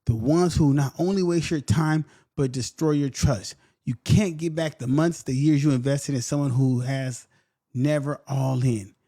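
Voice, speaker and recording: A man talks through his podcast in a loose, blunt way. He circles back and repeats his points, and sometimes slips into quick mocking voices. His voice sits a little high and has a warm, mellow tone. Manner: repetitive, blunt, mocks others with quick voices. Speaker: podcast host. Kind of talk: casual commentary.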